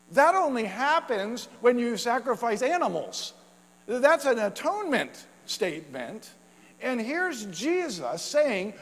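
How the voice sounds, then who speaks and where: Pastor preaching in a reverberant hall. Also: male voice, very high voice. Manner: conversational, with fillers and laughs. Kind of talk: sermon.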